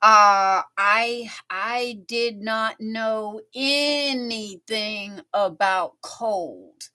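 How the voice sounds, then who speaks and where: A woman's voice: a little high, pushed and bright. A woman livestreaming from home, chatting casually and rambling through stories while she crafts. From southern United States. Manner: chatty, meandering, drawn-out storytelling. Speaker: live streamer.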